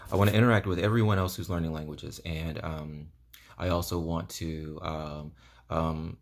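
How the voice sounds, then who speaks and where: A man's voice: a bass voice, steady tone, moderate pace. A man talking casually to camera in a vlog, rambling earnestly with lots of ums and you-knows. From United States. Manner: earnest and enthusiastic. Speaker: vlogger.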